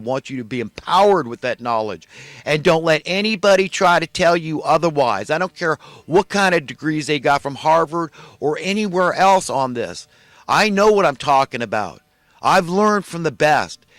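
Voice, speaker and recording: A man's voice: on the high side, lively intonation, normal speed, a bit bright, dry recording. A man delivering an impassioned, indignant monologue, ranting and repeating himself as he builds his points. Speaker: online commentator.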